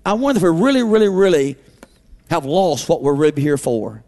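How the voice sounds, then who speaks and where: A man preaching a revival sermon in a church auditorium, passionate and repetitive, swinging between shouts and hushed pleading. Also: fairly high pitch, big pitch swings, fairly quick, long reverb tail.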